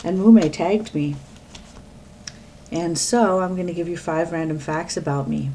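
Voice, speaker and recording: Rambling, chatty woman with a low voice. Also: a little slow, warm tone, a little hiss or hum. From Pennsylvania, US East Coast. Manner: rambling, chatty, self-interrupting. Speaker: vlogger. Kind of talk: casual talk to webcam. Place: at home, alone. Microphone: webcam.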